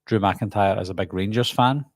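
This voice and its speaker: A middle-aged Glaswegian man talks through a live viewer Q&A in a relaxed, chatty way. His voice sits fairly low. The sound is dry and close, with no room around it. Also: normal speed, dry recording. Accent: Glaswegian Scottish. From Scotland. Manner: chatty, reads out viewer comments and answers them. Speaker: host. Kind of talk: casual live-stream Q&A.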